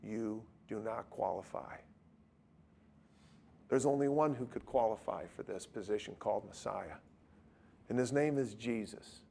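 A male preacher delivering a sermon, telling stories in an animated, emphatic way. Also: mid-range voice, moderate pace, creaky, slight background noise. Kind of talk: sermon with storytelling.

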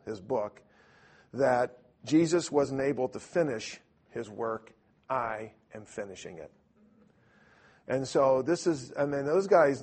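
A man with a gravelly, husky voice teaches a church class in a loose, storytelling way. He keeps restarting his sentences and pokes fun at himself along the way. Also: medium pitch, a little mellow. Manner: storytelling, self-deprecating, many restarts. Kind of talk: informal teaching talk.

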